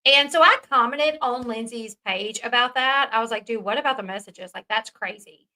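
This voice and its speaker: Woman commentary host, bright, emphatic, casual swearing. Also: fairly high pitch, moderate pace, poor audio. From American South.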